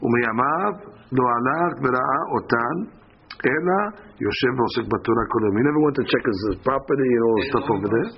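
Reading the day's Talmud passage aloud before translating it into everyday speech, this teacher talks in a rapid-fire, husky voice of medium pitch. The recording is muffled.

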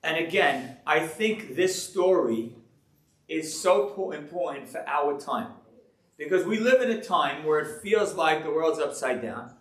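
A man preaches as a rabbi with a high, lively voice. He talks to his audience in a joking, rhetorical way. The sound is roomy and echoey. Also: measured pace, recorded from a distance. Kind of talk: sermon to a live audience. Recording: echoey room.

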